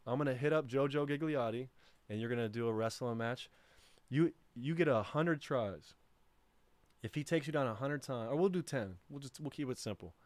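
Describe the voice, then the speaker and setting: A man hosts a laid-back livestream, chatting casually in a medium-pitched voice with no room sound. He rambles along and laughs easily.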